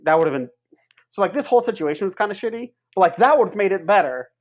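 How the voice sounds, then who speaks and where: A man's voice: high-pitched, lively intonation, fast, muffled recording. A man co-hosting a wrestling podcast in a casual chat, ranting heatedly and swearing as he talks.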